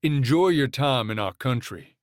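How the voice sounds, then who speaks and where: A man's voice: mid-range voice, expressive, measured pace, no room sound, clean studio sound, close to an everyday voice. A man voicing a blunt, hot-tempered young male rancher in his late twenties who talks in a brash, accusing way. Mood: sheepish.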